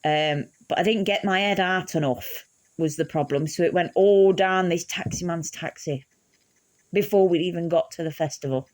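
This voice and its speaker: A woman's voice: lowish voice, normal speed, a little mellow. A woman telling a funny personal story in a casual, swearing, laughing way. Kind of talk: casual anecdote.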